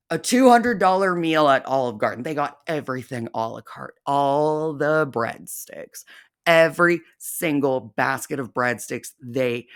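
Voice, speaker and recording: A woman's voice: sits low, a bit bright. A woman hosting a reaction video, ranting in a profane, sarcastic and scornful way. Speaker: reaction channel host.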